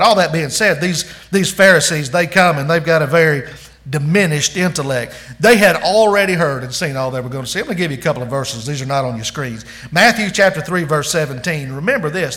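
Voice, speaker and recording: A male pastor preaching a sermon in an earnest, emphatic way, calling the listeners "friend" and swinging from soft, low passages to loud declarations.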